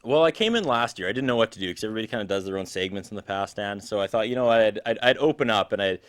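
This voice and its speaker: A man's voice: lowish voice, animated, racing, clean tone. A man co-hosting a New Year's Eve TV show, bantering in a comedic, playfully exasperated way. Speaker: TV show co-host.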